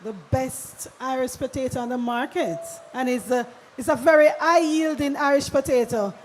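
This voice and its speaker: A Jamaican woman with a high voice chats up a product, tripping over her words as she goes. Her voice rings through a large hall with a long echo. A faint hiss sits under it. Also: normal speed. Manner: chatty, stumbling over words. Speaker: company representative. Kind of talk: product promotion at live event. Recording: echoey hall with faint noise.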